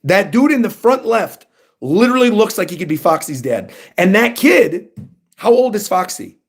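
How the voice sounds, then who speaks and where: A man on a casual livestream reacting to a new manga chapter. He talks in a fairly high voice and gets excitable and animated as he reads panels aloud and comments. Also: moderate pace, husky.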